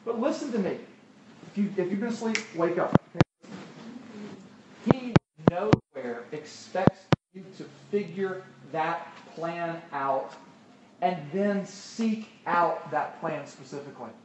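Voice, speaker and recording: A man's voice: high-pitched, animated, takes it slowly. A man preaching a sermon, talking conversationally and asking the crowd rhetorical questions. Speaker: pastor. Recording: echoey hall, distant mic, loud noise.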